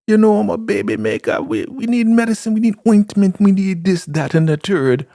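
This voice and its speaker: Dude squeaking out a shrill older lady, pleading, way up high and loud. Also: lively intonation, normal speed, no echo, clean studio sound.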